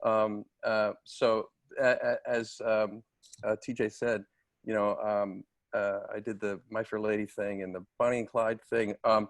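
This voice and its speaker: A man's voice: fairly low pitch, flat delivery, a little slow, no room sound. A man who is a guest on a video chat, talking hesitantly with many restarts. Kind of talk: casual chat.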